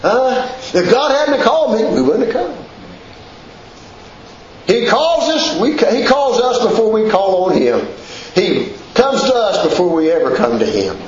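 A man's voice: high-pitched, big pitch swings, a little slow, reverberant, muffled recording, a crowd in the background. A man preaching a sermon in a church, repeating phrases with rising emphasis.

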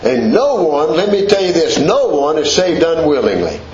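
A man's voice: fairly high pitch, sing-song, normal speed, a little mellow, echoey room, lo-fi sound. A man preaching a sermon in a church, repeating phrases with rising emphasis.

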